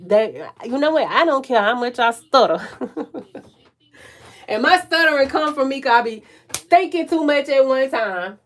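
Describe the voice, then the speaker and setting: A woman with a country Southern accent doing a live tarot reading, loud and profane, often laughing and stumbling over her words. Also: high-pitched, animated, unhurried. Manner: profane, slangy, self-interrupting. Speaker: tarot reader.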